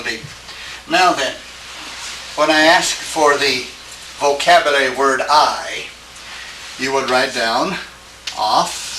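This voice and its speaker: A man teaching a Greek class, lecturing haltingly and often checking with his students. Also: mid-range voice, bright, forceful tone. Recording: echoey room, distant mic, faint hiss.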